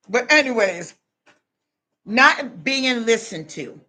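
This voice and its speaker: A woman, giving a loud, animated motivational talk to her viewers and laughing often. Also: a little high. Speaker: online talk host.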